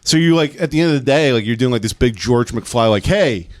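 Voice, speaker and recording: A man's voice: medium pitch, fast talker, dry recording. A young man co-hosting a casual comedy podcast, telling crude stories and mimicking people he mentions. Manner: storytelling with put-on voices, crude, animated. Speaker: podcast co-host.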